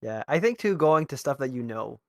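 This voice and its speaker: Man from canada, mid-pitched voice, hesitant, stumbling restarts, dry close sound. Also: very animated, a little fast, vocal fry, a little mellow, no room sound. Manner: hesitant, restarts and agrees often. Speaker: podcast host. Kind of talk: casual interview chat.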